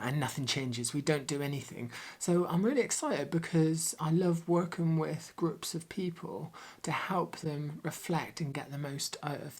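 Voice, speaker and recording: A man's voice: on the high side, darkish tone. A man talking casually to camera at home, chatty and upbeat with plenty of filler ums. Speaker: vlogger and workplace trainer.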